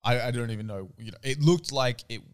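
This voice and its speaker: A man's voice: medium pitch, fairly quick. A man, co-hosting a podcast and telling a story in casual chat with lots of swearing. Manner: swears freely, laughs, acts out voices in stories. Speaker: podcast co-host.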